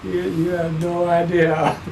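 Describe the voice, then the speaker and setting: An older man tells family stories in an animated, rambling way, often restarting his sentences. His voice sits a little high for a man. He is recorded from some distance, with a faint hiss behind him. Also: a little slow, creaky. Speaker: interviewee. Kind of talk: oral history storytelling. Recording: distant mic with faint background noise.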